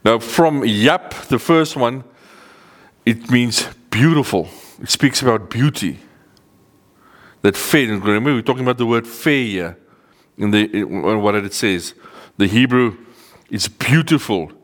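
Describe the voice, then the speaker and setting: Earnest man preaching a Bible teaching. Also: mid-range voice. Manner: earnest, emphatic, slows down to stress key words. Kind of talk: sermon teaching to a live group. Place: meeting room with a seated audience.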